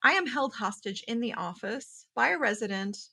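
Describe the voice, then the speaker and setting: A woman's voice: a little high, animated, normal speed, creaky, sharp tone, slightly rough. A woman from Syria, a podcast guest telling stories in casual conversation and acting out dialogue in changing voices.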